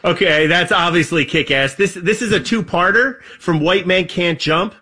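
A man hosts a casual podcast segment and calls on each panelist in turn. His voice is bright and sits a little high. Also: normal speed, breathy edge. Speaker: podcast host. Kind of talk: casual chat.

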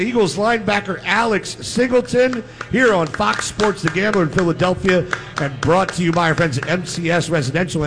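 A man hosting a live sports radio show from a restaurant, loud and joking. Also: sits high. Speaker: radio host.

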